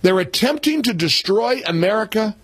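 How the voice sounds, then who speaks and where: A man's voice: sits high, lively intonation, normal speed, fairly bright tone, slightly rough, no echo. A man in his sixties hosting a talk radio show, speaking emphatically and repeating points for punch. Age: 60s. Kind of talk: opinionated political talk radio.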